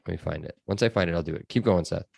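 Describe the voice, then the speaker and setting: A man with a very low voice hosts a casual sports podcast. He talks in a chatty, loose way with plenty of fillers. The sound is dry and close. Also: racing, gravelly, a little mellow, dry recording. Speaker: podcast host.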